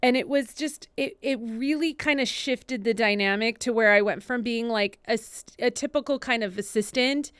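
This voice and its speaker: Woman guest, 30s, chatty storyteller, smooth higher voice, dry close sound. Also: normal speed, hardly any pauses, no room sound. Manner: chatty, many "like" fillers, animated retellings. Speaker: podcast co-host and assistant, guest. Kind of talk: casual interview storytelling.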